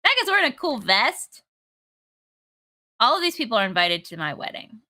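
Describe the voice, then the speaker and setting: A woman's voice: fairly high pitch, very animated, normal speed, pushed and bright. A young woman co-hosting a game stream, chatty and giggly, wandering off on tangents. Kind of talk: casual game-stream chat.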